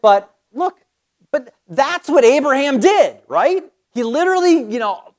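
Lively, enthusiastic Bible teacher. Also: sits high, a little slow. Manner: enthusiastic, conversational, with frequent restarts. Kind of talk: casual Bible study teaching.

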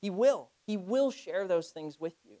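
Man preaching a lively sermon. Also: high-pitched, measured pace. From United States. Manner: storytelling preacher, rises to loud cries in anecdotes. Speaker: pastor.

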